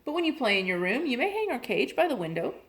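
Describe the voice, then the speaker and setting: A woman's voice: fairly high pitch, big pitch swings, fast, voice pushed up. A woman voicing a polite, firm mother in a storybook reading. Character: proper, slightly worried mother.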